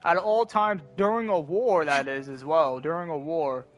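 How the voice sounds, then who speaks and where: A man's voice: on the high side, normal speed. A young man streaming a video game, talking in a laid-back, slangy way with frequent restarts. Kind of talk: casual gaming commentary. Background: game audio and music.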